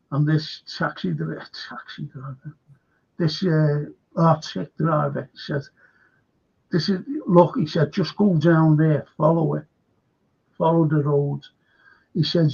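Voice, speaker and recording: A man's voice: on the high side, creaky, a little mellow, slightly rough. An older man hosting a show, telling a rambling story in casual chat and repeating himself. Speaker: host. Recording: dull lo-fi stream audio.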